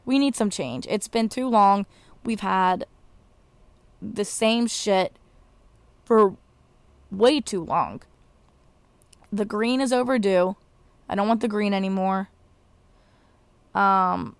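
A woman's voice: medium pitch, slow pace, long pauses, clean tone, dry recording. A young woman hosting a podcast, ranting casually and exasperatedly, swearing and rambling with restarts. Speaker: podcast host. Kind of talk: casual solo rant.

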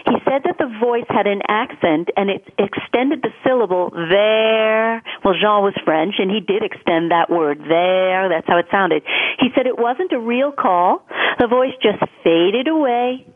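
A woman guest telling an earnest, animated personal story in an interview. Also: mid-range voice, a little slow. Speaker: guest author. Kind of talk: storytelling interview over the phone. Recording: tinny phone line.

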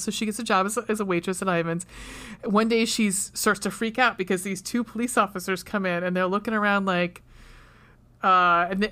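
A woman's voice: mid-range voice, fairly bright tone. Rambling, foul-mouthed woman podcaster. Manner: rambling, profane, laughs often. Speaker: podcast co-host. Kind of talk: casual chat comparing book and movie.

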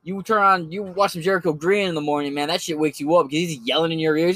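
A man's voice: a little high, steady tone, quick pace, a bit bright, no echo. A man doing casual solo commentary on his podcast, talking in a rambling and profane way with lots of fillers. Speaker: podcast host recommending creators.

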